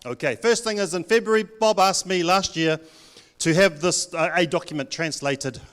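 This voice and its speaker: A man's voice: high-pitched, moderate pace, fairly bright tone. A man, a Pacific director giving a blunt, joking talk to a live audience at a church event. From New Zealand. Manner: blunt, joking, plays to the crowd.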